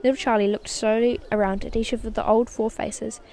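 Female storybook narrator, clear and expressive, higher register. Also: fairly quick. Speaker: audiobook reader. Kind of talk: storybook read-aloud narration.

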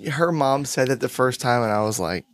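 A man's voice: mid-range voice, animated, a little fast, dry recording. Blunt Kentucky man, dry close sound. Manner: blunt, profane, teasing. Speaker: podcast co-host. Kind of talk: casual beer-tasting chat.

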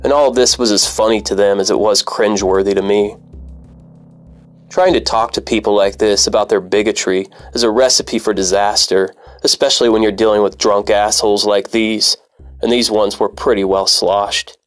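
Low-voiced man telling a bitter story. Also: fairly even intonation, normal speed, faint music behind. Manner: bitter, profane, wry. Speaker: former cab driver. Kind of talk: personal story narration.

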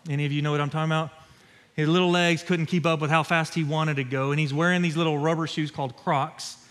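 A pastor in his thirties delivers a sermon with earnest, emphatic storytelling, repeating key phrases for weight. His voice sits fairly high for a man. It rings out through a church sanctuary with a long reverb tail. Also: level tone, quick pace, fairly bright tone.

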